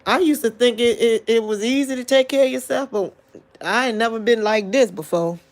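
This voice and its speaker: A woman in a late-night livestream talking to her viewers, grieving and tearful, halting often with restarts. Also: fairly high pitch. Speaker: livestream vlogger.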